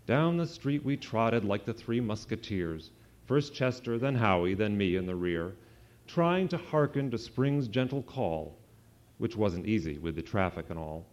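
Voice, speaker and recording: A man, an author, reading a rhyming children's story aloud to an audience in a sing-song, lively way. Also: lowish voice, unhurried. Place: event hall with an audience. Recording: dull lo-fi live recording.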